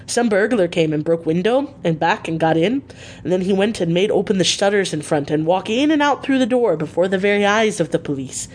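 A woman's voice: mid-range voice, animated, brisk, darkish tone, lightly acted. Woman doing an old foreign professor, earnest. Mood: wry explaining. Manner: earnest, coaxing, with broken formal English. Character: elderly foreign male professor, earnest vampire hunter.

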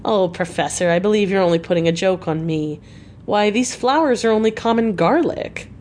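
A woman voicing a frail, gentle young woman who speaks lightly and gratefully. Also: medium pitch, normal speed, a little hiss or hum, natural voice. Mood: teasing.

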